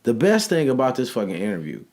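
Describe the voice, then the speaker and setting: A man's voice: mid-range voice, wildly swooping pitch, fast, darkish tone. A man co-hosting a podcast, playful and slangy, laughing easily as he talks. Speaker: podcast co-host. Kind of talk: casual chat.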